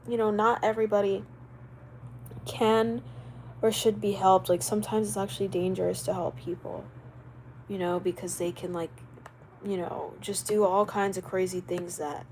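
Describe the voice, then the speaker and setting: A young woman chatting loosely on a live stream in a rambling, animated way, with reactions to viewers' comments. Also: medium pitch, a little hiss or hum, rough recording. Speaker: livestreamer. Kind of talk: casual live-stream chat.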